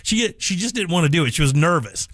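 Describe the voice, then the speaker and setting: Laughing high-voiced male radio host. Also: big pitch swings, a bit bright, dry recording. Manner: laughs often, quick and chatty. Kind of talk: casual radio banter. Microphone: studio microphone.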